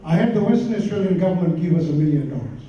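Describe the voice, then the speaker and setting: Man in his 60s from Fiji, emphatic rousing comment, high voice, echoey distant hall sound. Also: expressive, racing, dark tone, slight background noise. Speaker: audience member giving a comment. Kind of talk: impassioned conference floor speech. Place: large conference hall. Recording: echoey hall, far from mic, dull.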